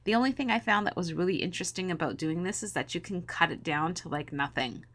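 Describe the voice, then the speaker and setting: A chatty woman in her thirties talks viewers through her scrapbooking in a low, just-woke-up morning voice. She rambles happily through asides and laughs easily, keeping things casual and upbeat. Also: quick pace, fairly bright tone. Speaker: scrapbooking video host. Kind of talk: casual chat to viewers while crafting.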